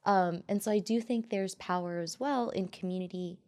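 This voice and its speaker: A woman's voice: medium pitch, normal speed, a little mellow. A young woman from Colombia, chatting on a podcast and switching freely between English and Spanish as she talks. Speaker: podcast guest. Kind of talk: casual podcast conversation.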